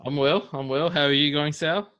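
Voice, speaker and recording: A man co-hosts a relaxed podcast. His voice is bright and forward, and he chats and teases his guests easily. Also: on the high side, normal speed, clean tone, highs cut off. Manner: chatty, teasing. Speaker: podcast co-host. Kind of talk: casual chat.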